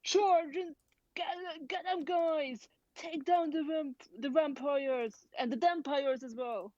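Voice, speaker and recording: A woman voicing a gung-ho rogue tinkerer who shouts a battle charge, in a slightly dull, dry recording. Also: high voice, slow pace, dry recording, pitched above the performer's own voice. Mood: rallying. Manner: loud, excited battle cry.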